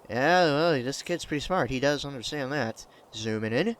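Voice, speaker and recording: A man's voice: medium pitch, animated, normal speed. A man hosting a let's play, reading a story game aloud and making casual asides. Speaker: gaming channel host.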